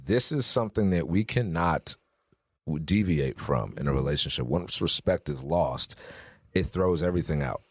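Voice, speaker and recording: A man's voice: sits low, lively intonation, normal speed, dry recording, clean studio sound. A man in his thirties co-hosting a podcast, talking candidly and with emphasis in casual conversation. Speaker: podcast co-host.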